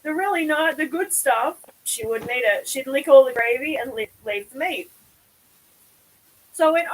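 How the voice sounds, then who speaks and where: A woman's voice: sits high, expressive, moderate pace, poor audio. Chatty woman streamer. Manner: swears freely, laughs often. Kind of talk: casual chat on a live stream.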